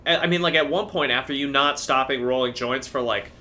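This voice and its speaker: A man's voice: mid-range voice, brisk, bright, forceful tone. A young man co-hosting a casual podcast, telling stories with animation, swearing and acting out quotes. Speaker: co-host.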